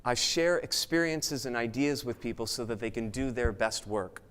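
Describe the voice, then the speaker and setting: A man speaks from a conference stage in an earnest, emphatic keynote style. His voice sits at an ordinary pitch for a man, and his delivery is built to inspire the audience in the room. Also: lively intonation, normal speed, a bit bright, clean tone. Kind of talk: motivational keynote talk.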